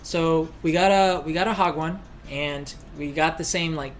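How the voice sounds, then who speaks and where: A man co-hosting a casual livestream from a room at home, talking in a relaxed way with fillers and restarts. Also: fairly high pitch, normal speed, slight background noise. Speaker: livestream co-host.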